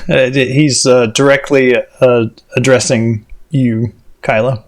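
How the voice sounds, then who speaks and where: A man's voice: medium pitch, fairly even intonation, unhurried. Rambling male game master. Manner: rambling, many fillers and restarts. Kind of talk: narrating a tabletop game.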